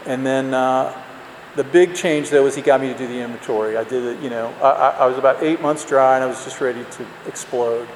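A man's voice: medium pitch, fairly even intonation, a little fast, slight background noise. A man telling his recovery story as a personal testimony, rambling and self-mocking with lots of fillers. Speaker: speaker sharing recovery story. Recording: roomy hall with long reverb.

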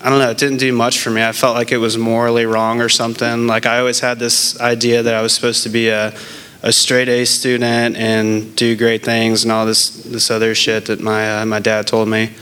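Sharing his recovery story as a casual testimony, a man probably in his twenties speaks unscripted, full of fillers, restarts, and trailing thoughts. His clean, smooth voice is ordinary in pitch and fairly bright, with a completely flat delivery that stays frank and self-mocking.

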